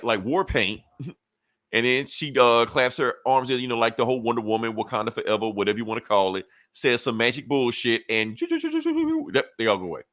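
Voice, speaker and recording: A man's voice: mid-range voice, a bit bright, no room sound, studio quality. A man on a podcast casually retelling a comic book story, loose and profane, laughing often. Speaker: podcast co-host.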